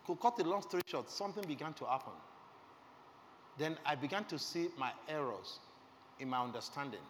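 Earnest preacher with lively swings. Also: male voice, a little high, brisk. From Nigeria. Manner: earnest, emotional storytelling, asks the audience questions. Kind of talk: sermon testimony. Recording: reverberant hall with faint background noise.

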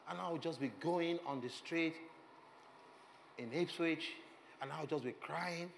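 A middle-aged man preaching a sermon with passion, swinging from soft reflective lines to loud exclamations. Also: fairly high pitch, unhurried, gravelly, a little hiss or hum. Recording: long hall reverb, faint ambience.

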